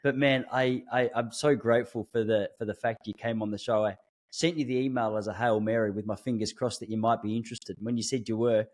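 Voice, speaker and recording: A man's voice: fairly low pitch, fairly even intonation, fairly quick, a little mellow. A man hosting a podcast, talking in a casual, enthusiastic and informal way. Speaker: podcast host.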